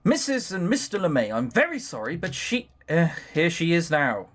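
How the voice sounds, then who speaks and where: A man's voice: a little high, huge pitch swings, moderate pace, a bit bright, heavily acted. A man doing a nervous young hotel manager. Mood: apologetic.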